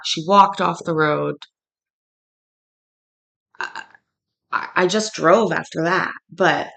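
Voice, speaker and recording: A woman's voice: fairly low pitch, creaky, fairly bright tone. A woman from Canada with a daughter, telling a rambling story in casual chat, full of restarts and fillers. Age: adult, has a daughter. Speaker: livestream host.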